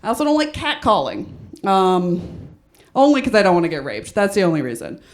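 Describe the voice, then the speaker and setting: A woman's voice: medium pitch, wildly swooping pitch, fairly quick. Chatty young woman doing stand-up. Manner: chatty, self-deprecating, many "like" fillers, laughs at own jokes. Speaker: stand-up comedian. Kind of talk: stand-up comedy set. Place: small studio stage with audience.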